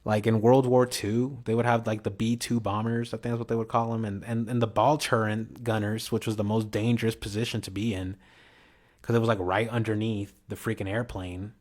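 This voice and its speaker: A man's voice: on the low side, flat delivery, brisk, a little mellow. A man vlogging in a rambling casual monologue, slangy and full of restarts and "you know".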